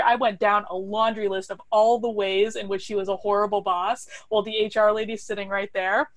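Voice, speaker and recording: A woman in her thirties, a podcast guest telling a story in a casual, animated way, laughing often and restarting her sentences. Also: mid-range voice, brisk, few pauses, no echo.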